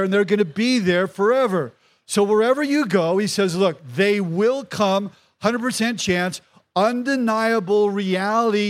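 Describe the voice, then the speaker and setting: A male pastor preaching a sermon to his congregation, emphatic and repetitive, calling out to the crowd for responses. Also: high-pitched. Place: church service in a tent.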